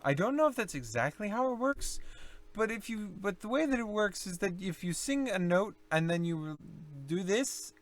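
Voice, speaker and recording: A young man explaining low singing techniques in a casual tutorial, rambling and self-correcting as he demonstrates growls and vocal fry. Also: very animated, normal speed. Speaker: singing teacher.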